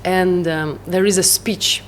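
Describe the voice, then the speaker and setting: Russian-accented woman, halting and laughing. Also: fairly low pitch, fairly even intonation, a little hiss or hum. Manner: halting, searching for English words, laughs often. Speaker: psytrance producer, guest. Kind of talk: casual interview chat.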